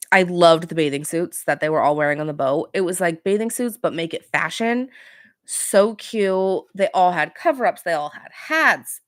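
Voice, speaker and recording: A woman's voice: fairly low pitch, lively intonation, measured pace, long pauses, no echo, clean studio sound. A young adult woman hosting a casual podcast, recapping reality TV in a chatty, gossipy way with sarcastic asides. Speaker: podcast host.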